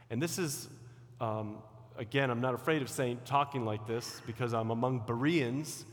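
Middle-aged man preaching, animated delivery, loud emphasis and quiet asides, long church-hall reverb. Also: mid-range voice. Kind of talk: sermon.

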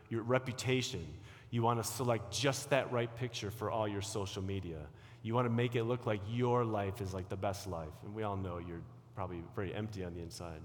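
Animated male preacher in a reverberant hall. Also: on the low side. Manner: animated, sweeping from loud emphasis to quiet asides. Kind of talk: sermon.

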